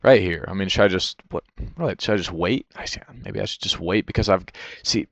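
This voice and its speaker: A man's voice: deep voice, a little fast, creaky, dry recording. A man reviewing a replay of his own match in casual, rambling commentary, critical of himself and swearing often, talking into a headset. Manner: rambling, self-critical, swears a lot, fillers "you know".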